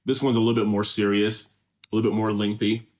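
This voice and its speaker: A man's voice: on the low side, little pitch movement, quick pace, a little mellow. Easygoing Californian man reading comments. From Southern California. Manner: easygoing, rambling, jokey. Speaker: reaction show co-host. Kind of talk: casual chat, reading comments aloud.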